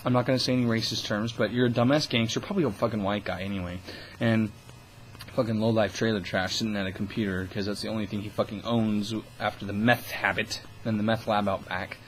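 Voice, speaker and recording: A man's voice: lowish voice, fairly even intonation, fast, slight background noise, rough recording. Young dude ranting on his vlog, swears nonstop, mocking tone, super casual. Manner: profane, scornful ranting. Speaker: vlogger.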